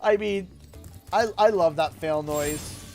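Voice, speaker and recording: Man, Canadian accent, high-pitched, excitable, game streamer, soft music underneath. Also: slow pace. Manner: excitable, thanks donors warmly and often. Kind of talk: live gameplay stream chat.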